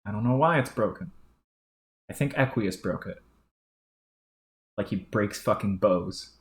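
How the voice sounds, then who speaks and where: Low-voiced lady reading a comic out loud, chatty asides, echoey room. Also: measured pace. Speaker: reader. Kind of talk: reading a webcomic aloud. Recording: roomy echo.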